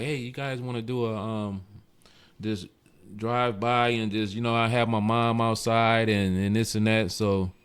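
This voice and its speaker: A man, a car club president, telling stories in a casual interview and acting out the voices of the people he quotes. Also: clear, resonant tone. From Michigan. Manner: animated, acts out quoted voices with big jumps in pitch.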